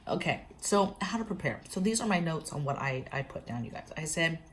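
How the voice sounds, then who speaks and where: A woman's voice: low voice, sing-song, moderate pace, fairly bright tone, slight background noise. A woman telling a story and giving advice to camera in a casual, chatty prepping vlog, often speaking straight to her viewers. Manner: chatty, keeps addressing viewers directly. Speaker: prepping vlogger.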